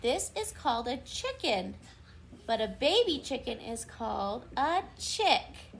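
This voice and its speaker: Young woman, preschool teacher. High voice, slow, sing-song, encouraging. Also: very animated, creaky, reverberant, slight background noise. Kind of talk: recorded lesson for young children.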